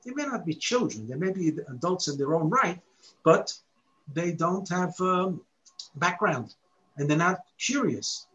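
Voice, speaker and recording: A man's voice: high voice, expressive, measured pace, bright, forceful tone, muffled recording. A man giving an expository Torah lesson, explaining step by step, reciting Hebrew verses and posing rhetorical questions. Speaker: Torah teacher.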